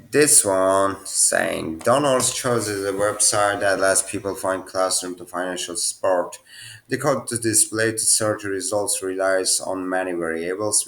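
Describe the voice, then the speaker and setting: A man's voice: sits low, gravelly, a bit bright. A young man with non-native phrasing, casually talking through programming quiz answers at his computer. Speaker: programming teacher. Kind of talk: casual screen-share tutorial.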